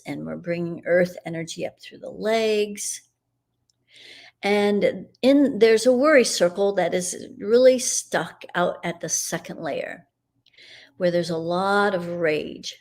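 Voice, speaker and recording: A middle-aged woman hosting a live broadcast and leading a guided energy clearing in a meandering, soothing, spiritual way. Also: lowish voice, slow. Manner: meandering, spiritual, soothing, with soft laughs and fillers.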